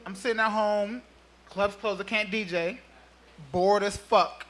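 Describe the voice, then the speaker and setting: An animated, chatty man, telling how he started his show. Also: high-pitched, a little slow. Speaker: show creator. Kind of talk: casual storytelling.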